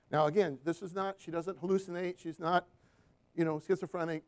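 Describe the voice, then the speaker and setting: Man, high voice, preaching, storytelling, counselor giving a sermon, calls for amens. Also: fairly even intonation, brisk, a little mellow, clear, resonant tone. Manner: storytelling, asks the room for "Amen?". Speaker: Christian counselor and guest preacher. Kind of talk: sermon with slides.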